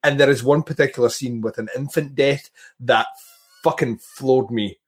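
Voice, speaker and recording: A man with a mid-pitched voice, co-hosting a podcast in loose, casual chat. He is excitable and laughs a lot, tripping over repeated words as he restarts his sentences. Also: moderate pace, slightly rough. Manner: enthusiastic, laughs often, stammering restarts. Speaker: podcast co-host.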